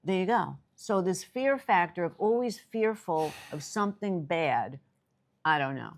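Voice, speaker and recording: Animated older woman from New York. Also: measured pace. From New York City. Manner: animated storyteller, voice jumps high when excited. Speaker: co-host. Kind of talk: casual chat.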